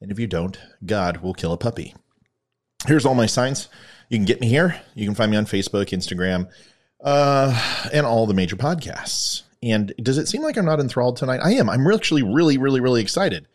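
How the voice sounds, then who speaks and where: A man's voice: medium pitch, lively intonation, a little fast. A man hosting his own podcast, talking in a rambling, self-mocking, comedic way. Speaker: podcast host. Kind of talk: casual comedic commentary.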